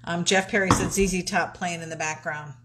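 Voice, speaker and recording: Giggly low-voiced woman reading comments. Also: steady tone, brisk, noisy background. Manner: laughs often, reads comments aloud. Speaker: co-host reading viewer comments. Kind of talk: casual live-stream chat.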